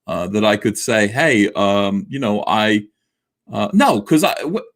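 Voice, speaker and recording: A livestream host in his forties reads viewer comments in a lowish voice with lively intonation, never rushing. He rambles and pokes fun at himself, full of filler words and restarts.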